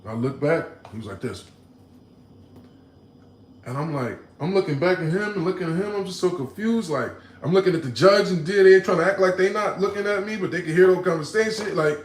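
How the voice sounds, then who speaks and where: A man casually telling a personal story to his live chat, animated and slangy, often checking in with "right?". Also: fairly high pitch, a little fast, roomy sound, a little hiss or hum.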